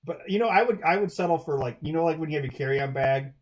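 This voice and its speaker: A man's voice: fairly high pitch, quick pace. A man hosting a charity livestream, answering viewer chat in a loose, rambling way with lots of fillers and restarts.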